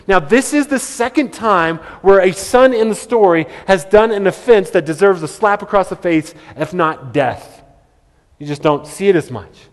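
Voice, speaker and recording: A man's voice: sits high, lively intonation, normal speed. A man preaching a sermon as pastor. He speaks emphatically and often repeats words as he restarts. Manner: emphatic, with stammered word repeats. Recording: long hall reverb.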